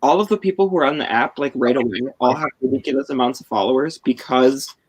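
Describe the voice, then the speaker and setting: A man's voice: mid-range voice, fast, slightly rough, poor audio. A man hosting a casual live-stream chat over a video call, explaining things at length with many fillers. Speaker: host.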